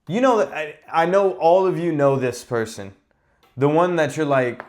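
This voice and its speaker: A man hosting a podcast, telling stories in a casual, animated and exasperated rant with plenty of swearing. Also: a little high, normal speed. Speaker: podcast host. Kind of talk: casual ranting monologue.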